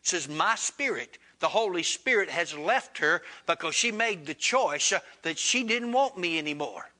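A man preaching a sermon, telling a story and acting out the dialogue in an animated, colloquial way. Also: unhurried. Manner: animated, acts out dialogue with rising pitch. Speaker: pastor.

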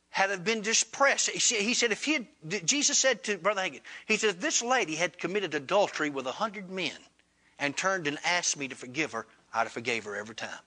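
Male pastor, sermon storyteller; high, forceful tone, animated delivery. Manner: animated, acts out dialogue with rising pitch.

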